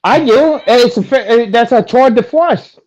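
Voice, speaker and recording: A man in casual chat about movies, excitable and profane, stumbling and restarting his sentences. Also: very high-pitched, a little slow, muffled recording. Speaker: guest.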